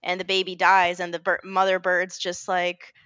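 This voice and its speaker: A woman co-hosting a casual podcast, telling stories in an animated, rambling way, full of fillers and self-corrections. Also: on the low side, moderate pace, clean tone, no room sound, muffled recording. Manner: animated storytelling, often laughing. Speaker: podcast co-host. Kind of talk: casual chat.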